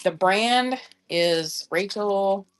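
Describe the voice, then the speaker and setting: Speaking very slowly at medium pitch, a middle-aged woman reseller chats casually during a live-stream sale on a shopping app. She rambles and thinks aloud as she checks sizes.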